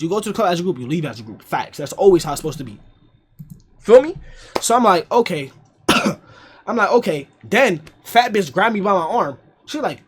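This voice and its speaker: A young man telling a party story in a casual storytime, slangy and animated, with frequent laughs. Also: sits high, a little hiss or hum.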